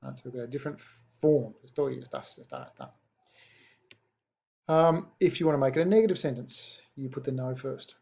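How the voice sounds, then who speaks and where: A man's voice: mid-range voice, big pitch swings, a little fast, gravelly, warm tone, breathy edge, dull audio. A man explaining a Spanish grammar point in a recorded lesson, patient and checking in with his students. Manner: patient, checks in with rhetorical "yeah?". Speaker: Spanish teacher.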